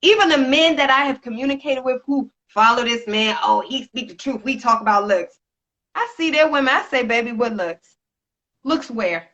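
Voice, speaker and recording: A sassy woman co-hosting a casual talk show, firing off rhetorical questions and calling people honey. Her voice is bright and slightly high. The sound is a little dull and muffled. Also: a little fast. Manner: sassy, rhetorical, addresses listeners as honey and girl. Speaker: co-host. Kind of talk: casual chat.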